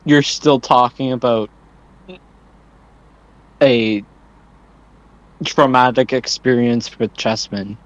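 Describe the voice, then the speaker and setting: A podcast co-host on a remote call, chatting casually in a halting, drawn-out way with lots of fillers. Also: medium pitch, no echo. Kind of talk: casual chat. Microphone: remote call audio. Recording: dull lo-fi call audio.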